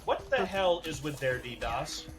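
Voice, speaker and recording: Upbeat streamer guy, jokey rambler, bright animated voice, music under him. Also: on the high side, measured pace. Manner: joking, rambling asides. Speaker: livestream co-host. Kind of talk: casual livestream chat.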